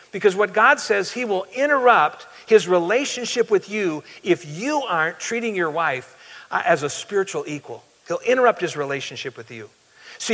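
A man's voice: high voice, a bit bright. A male pastor preaching a sermon in an earnest, plain-spoken way, asking the congregation direct questions. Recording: long hall reverb.

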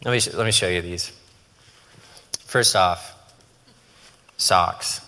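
A male pastor delivers a sermon in a bright, forceful voice that sits low and moves slowly, keeping things casual and joking. He frequently adopts quoted voices for effect, and the long reverb of a large church hall rings around him.

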